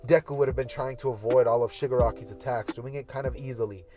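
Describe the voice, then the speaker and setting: A man's voice: mid-range voice, fairly even intonation, quick pace, music in the background. A man casually narrating a hypothetical anime fight scenario, rambling with fillers. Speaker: YouTuber. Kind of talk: casual fan-fiction storytelling.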